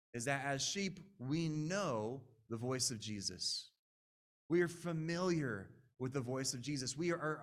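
A man in his late twenties preaches a sermon earnestly and conversationally, often turning aside to address the audience. His voice is medium-pitched and a bit bright.

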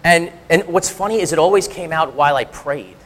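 In a large hall, a middle-aged man of three-quarters Sicilian heritage preaches a personal testimony sermon, his voice on the high side, a bit bright and a little fast. As a church speaker he is frank and pokes fun at himself, speaking conversationally with many restarts.

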